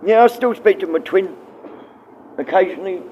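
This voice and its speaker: A man's voice: high-pitched, normal speed, a little mellow, a little hiss or hum. A middle-aged man livestreaming, rambling and swearing casually as he answers his viewers.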